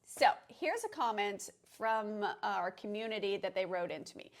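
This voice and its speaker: A woman co-hosting a casual chat, animated and quick to laugh, often exclaiming in shock. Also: medium pitch. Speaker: co-host.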